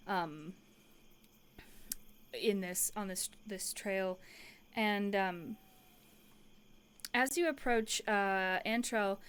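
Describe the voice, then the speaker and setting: A woman's voice: medium pitch, clear, resonant tone. A woman narrating a tabletop game as game master, casual, with many fillers and restarts.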